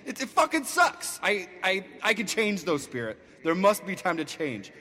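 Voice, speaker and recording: A crude, sarcastic miser who swears through every line, played by a man. His voice sits high and bright, with a trailing hall reverb. It is a comedy audio parody. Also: huge pitch swings, normal speed, heavily acted. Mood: pleading. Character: foul-mouthed selfish male miser, brash.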